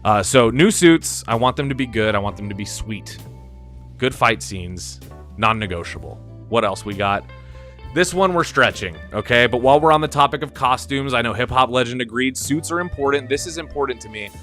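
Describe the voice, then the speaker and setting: A chatty man hosts a stream with a bright, forceful voice, and faint music plays underneath. He talks in an animated way, laughs often and trips over repeated words. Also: mid-range voice, moderate pace. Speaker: host of a live stream. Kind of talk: casual stream commentary.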